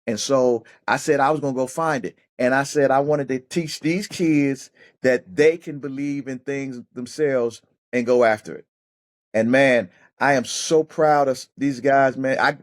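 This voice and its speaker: A middle-aged man, a former football player turned coach, telling personal stories as a podcast guest, often restarting his words. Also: mid-range voice. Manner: animated storyteller who acts out other people's voices; repeats and restarts words while thinking. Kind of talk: casual storytelling interview.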